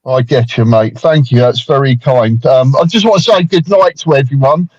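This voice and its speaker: A man's voice: mid-range voice, moderate pace, a little mellow, dry recording, muffled recording. An English man from England chatting on a live stream from his phone, friendly and calling people mate. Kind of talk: casual chat. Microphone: phone on a live stream call.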